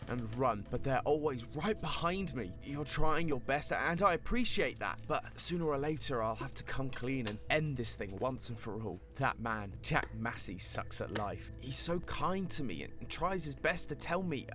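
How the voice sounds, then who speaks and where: A man's voice: medium pitch, lively intonation, normal speed, hardly any pauses, over music, natural voice. A man voicing an anxious messenger on the run. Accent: British.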